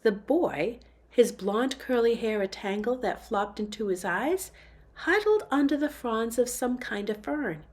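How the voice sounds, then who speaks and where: A woman reading a novel aloud in a steady storytelling manner. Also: on the high side, unhurried. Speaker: book reader.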